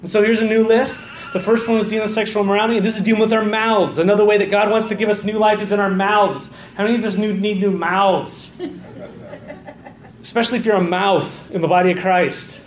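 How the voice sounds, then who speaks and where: A man preaching a sermon as pastor, dropping to quiet low stresses and rising to loud, fervent calls of "amen". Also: steady tone, fairly quick, echoey room, slight background noise. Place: church sanctuary.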